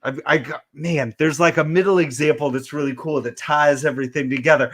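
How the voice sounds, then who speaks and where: A man co-hosting a casual drinking podcast, telling a joke haltingly with many fillers and restarts. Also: a little high, a bit bright. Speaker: podcast co-host.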